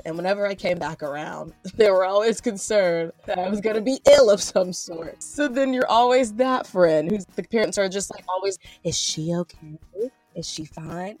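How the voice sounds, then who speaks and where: A woman's voice: mid-range voice, darkish tone. A woman co-hosting a podcast, telling stories in casual chat and laughing as she goes. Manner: chatty storytelling with laughs. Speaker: podcast co-host.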